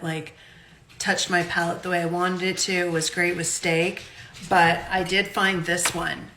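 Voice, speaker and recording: A woman's voice: lowish voice, a little slow, a bit bright, a little hiss or hum. A woman from Canada casually chatting about wines in her home kitchen, unscripted and self-deprecating. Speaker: home vlogger reviewing wines. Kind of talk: casual chat.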